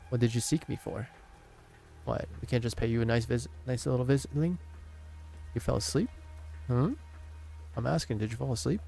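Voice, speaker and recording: A man streaming himself as he reads a game's story dialogue aloud, deliberately, often stumbling and restarting on words. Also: mid-range voice, creaky, mellow, a little hiss or hum. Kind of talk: dramatic reading of game dialogue.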